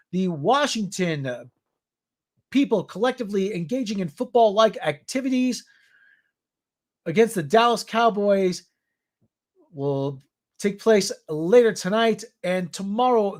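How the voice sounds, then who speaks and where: A man from the New area, hosting a casual news roundup in a rambling way with jokey asides. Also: sits high. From New York area. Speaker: show host.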